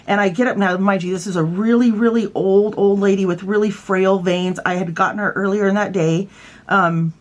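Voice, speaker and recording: A woman from California casually telling funny stories about her old work, chatty and self-mocking. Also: medium pitch. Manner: chatty, playful, self-mocking, fond of doing voices. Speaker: vlogger, former nurse. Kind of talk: casual storytelling.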